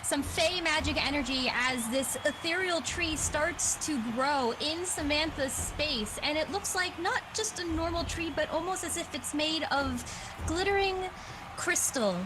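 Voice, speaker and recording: A woman's voice: high voice, measured pace. A woman playing a tabletop game, describing her character's magic in a descriptive, playful way. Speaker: player. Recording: clear background noise.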